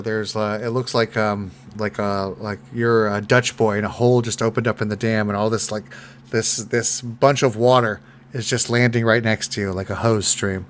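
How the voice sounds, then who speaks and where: A man's voice: medium pitch, a bit bright, slight background noise. A man running a tabletop game as dungeon master, rambling with many fillers and frequent laughs. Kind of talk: narrating a tabletop game, casual.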